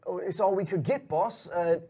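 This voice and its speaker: A man voicing a nervous male fairy henchman who stammers in a raised, hurried voice. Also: high voice, mellow, slightly rough, pitched above the performer's own voice.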